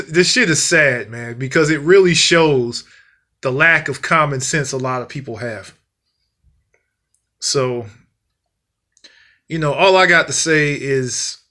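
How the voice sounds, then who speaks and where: A man delivering a blunt, profanity-heavy rant straight to the camera. His voice sits on the higher side and sounds bright and forceful, and he hammers his points home by repeating them. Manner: blunt, heavily profane, repetitive emphasis. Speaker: vlogger. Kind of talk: ranting monologue.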